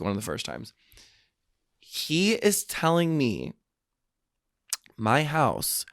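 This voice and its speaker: A man's voice: medium pitch, no echo, clean studio sound. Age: adult. Sex: man. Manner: playful chat. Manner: playful, chatty, heavy use of "like". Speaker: podcast co-host. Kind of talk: casual chat.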